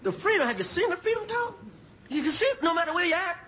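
A man doing a stand-up monologue on a TV studio stage, loud and repeating his punchlines. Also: extremely high pitch, sing-song, quick pace, slight background noise. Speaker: stand-up comedian. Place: TV studio stage with live audience. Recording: live show with loud crowd laughter. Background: audience laughing and cheering.

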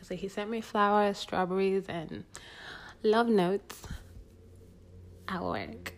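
A woman's voice: mid-range voice, sing-song, slow pace, a little hiss or hum. A young woman hosting a podcast, talking candidly in a casual advice monologue drawn from her own life. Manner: candid, conversational, sharing personal stories. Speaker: podcast host.

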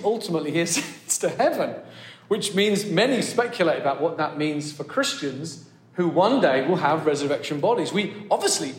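A man, preaching a chatty, self-deprecating sermon that turns animated as he warms up. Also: a little high. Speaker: pastor. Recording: echoey hall.

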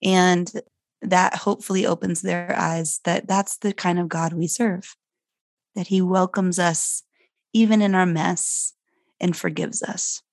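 A woman's voice: on the low side, steady tone, measured pace, dry recording, clean studio sound. A middle-aged woman speaking candidly and animatedly as she tells a personal parenting story, her voice climbing sharply when she gets worked up. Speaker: guest, foster mother.

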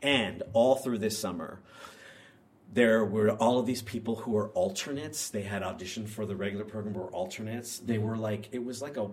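A man from Pennsylvania, a guest telling stories in casual conversation, rambling and animated with many restarts. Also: on the low side, slight background noise.

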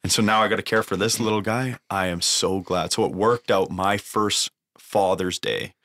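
Deep-voiced young man telling a raw story. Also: steady tone, normal speed, a bit bright. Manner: swears freely, emotional, lots of fillers. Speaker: guest sharing a recovery story. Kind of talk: casual storytelling.

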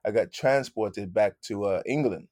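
A man telling stories as a guest in a casual interview, animated, repeating his phrases and calling people "man". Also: lowish voice, moderate pace, no echo, studio quality. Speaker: guest musician.

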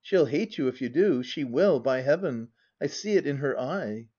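A man playing a boisterous, teasing gentleman with a bluff, mocking manner, on a dull lo-fi audiobook recording. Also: mid-range voice, animated, normal speed, slightly rough.

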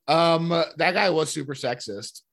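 A man's voice: on the high side, measured pace, vocal fry, fairly bright tone. A man co-hosting a casual podcast chat about a TV episode, rambling and jokey. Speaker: podcast co-host.

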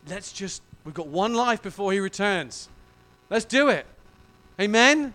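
A male pastor preaching a sermon in an emotional, effusive and animated way. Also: high-pitched, measured pace.

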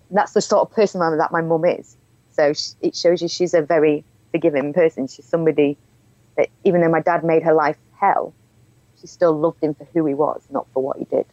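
As an interview guest, a woman shares her own story candidly and frankly, often breaking into laughter. Her voice sits low and sounds mellow. The recording is dry, with the highs cut off.

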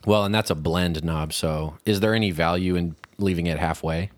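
Low-voiced man in a dry close sound. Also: fairly even intonation, moderate pace, dry recording. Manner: asks questions and talks things through casually. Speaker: podcast co-host. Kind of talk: casual chat. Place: podcast setup with mixer, indoors. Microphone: podcast mic with headphones.

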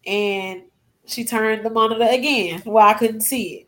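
Higher-voiced young woman recounting a loss. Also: steady tone, normal speed, fairly bright tone. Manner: emotional retelling with acted-out quotes. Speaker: guest. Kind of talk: personal storytelling.

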